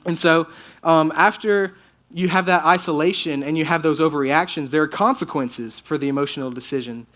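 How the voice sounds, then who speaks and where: A young man giving a casual youth sermon, telling the story with lively asides, slang and put-on quotes of the characters. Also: fairly high pitch, fairly quick. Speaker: youth speaker.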